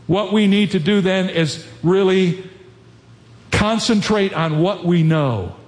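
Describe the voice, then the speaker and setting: A man preaching a sermon as pastor, earnest and emphatic, slowing down to stress quoted lines. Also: high-pitched, big-room sound.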